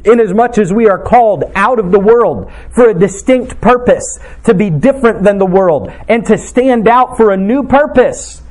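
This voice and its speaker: A man's voice: high voice, a little mellow. A male pastor preaching an earnest, emphatic sermon in a church and quoting scripture as he goes.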